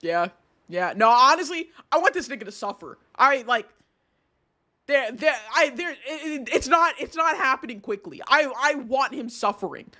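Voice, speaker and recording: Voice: sits high, animated, normal speed, pushed and bright. A streamer giving casual commentary while reading chat screenshots aloud, stammering through restarts and ranting with heavy swearing. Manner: outraged, vengeful rants.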